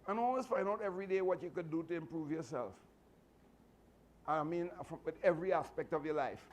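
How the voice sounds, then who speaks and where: A man's voice: fairly high pitch, fairly quick. A man, a martial arts instructor giving a motivational speech to his students, earnest and repetitive with many restarts. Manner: fatherly advice giving.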